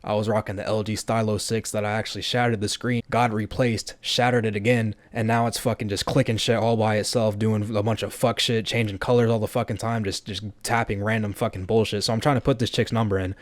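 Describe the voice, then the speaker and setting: A brash young man in his twenties tells a story in a profane, rapid-fire rush. His voice sits a little low. The sound is dry and close to the mic. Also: little pitch movement, no echo. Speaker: vlogger. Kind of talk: storytelling vlog.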